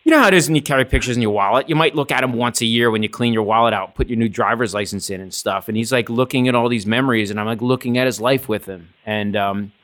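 A man's voice: fast, hardly any pauses. A man in casual podcast talk, telling stories in a loose, swearing style. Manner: animated, swearing, acts out voices with big pitch jumps. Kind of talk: casual storytelling chat.

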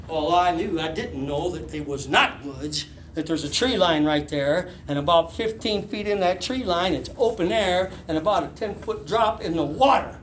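High-voiced pastor, animated storyteller. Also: male voice, moderate pace, hardly any pauses, noisy background. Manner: animated storytelling, laughing and shouting quoted lines. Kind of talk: sermon testimony. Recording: echoey room with faint ambience.

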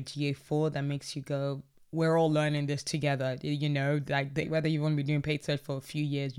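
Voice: medium pitch, darkish tone, clear, resonant tone. A podcast host recapping an online chat in a casual, upbeat way, reading out posts from participants with frequent laughs and self-corrections.

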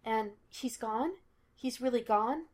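A woman's voice: fairly high pitch, slow pace, a little mellow. A woman voicing a frightened, stubborn widow in a read-aloud story, sounding anxious yet firm. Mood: shaken.

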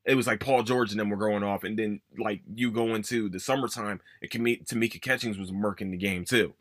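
A man hosting a casual sports podcast, ranting emphatically with plenty of swearing and sudden high-pitched emphasis. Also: fairly even intonation, fairly quick, a bit bright, no room sound, studio quality. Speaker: podcast host.

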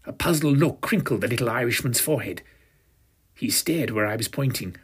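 A man's voice: mid-range voice, expressive, a little fast, fairly bright tone, slightly rough. A man in his fifties narrating a first-person audio drama with a pompous, self-satisfied, arch manner. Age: 50s.

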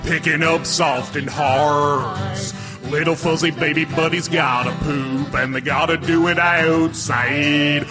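Guy doing a hyped-up ad announcer, slow drawn-out pitch, music under it. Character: over-eager male ad announcer. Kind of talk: spoof radio commercial.

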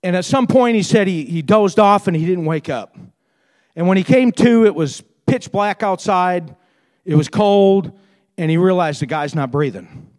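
A man preaching a sermon. He retells a story with deep feeling, repeats and restarts his words when moved, and builds into fervent preaching. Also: expressive, moderate pace, a little mellow.

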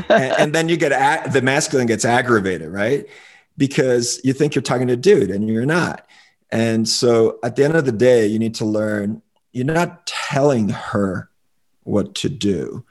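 A man talking as a relationship coach on a casual podcast, explaining his views in an opinionated, relaxed way. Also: medium pitch, measured pace.

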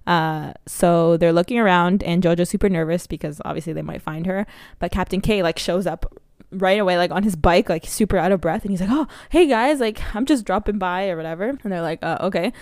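Woman podcast co-host, casual rambling recap, smooth resonant tone, dry close sound. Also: lowish voice, fairly even intonation, brisk, few pauses, a little mellow, no room sound. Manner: rambling plot recap with many fillers. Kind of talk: casual movie review chat.

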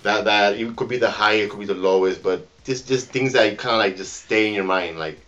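Deep male podcast host, relaxed questioner, muffled lo-fi audio. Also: fairly quick. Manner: laid-back, short affirmations and follow-up questions. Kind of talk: casual interviewer chat.

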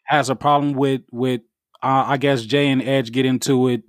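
A man in casual podcast chat, telling things in an animated, profane, slangy way. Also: medium pitch, normal speed, no room sound, studio quality.

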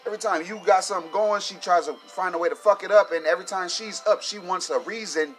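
A man with a fairly high voice rants to his listeners in loose, slang-heavy talk, swearing freely. He keeps the talk casual and gets loud and worked up as he vents. Faint music sits quietly under his voice. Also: quick pace, hardly any pauses. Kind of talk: casual profane rant.

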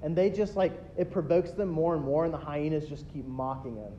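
Man preaching, fairly high voice, warm tone, emphatic builds and hushed asides, dull lo-fi recording, faint rumble. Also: fairly quick. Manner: emphatic preaching that swings between loud builds and quiet asides. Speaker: pastor. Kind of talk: sermon.

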